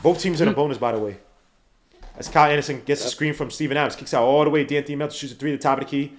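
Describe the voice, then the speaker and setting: A man hosting a live watch-along podcast, calling the basketball game play by play with slangy, excitable talk that breaks into shouts at big plays. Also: on the high side, very fast, slight background noise. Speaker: podcast host doing play-by-play.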